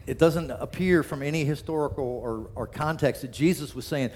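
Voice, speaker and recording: A man delivers a sermon in a loose, conversational way, his voice sitting slightly high for a man. He often stumbles and restarts mid-sentence, then slips into short acted-out quotes to make his point. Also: moderate pace, darkish tone, a little hiss or hum. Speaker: pastor.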